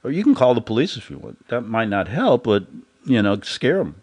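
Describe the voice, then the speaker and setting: A male host delivers a loose, rambling commentary monologue. His pitch swings up and down constantly, and he keeps chuckling at his own jokes. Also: sing-song, a little fast, a little mellow, slightly rough.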